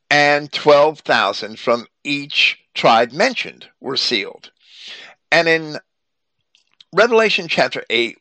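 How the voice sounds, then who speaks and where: A man giving a measured, explanatory Bible commentary that reads as scripted. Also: mid-range voice, bright, forceful tone, no room sound.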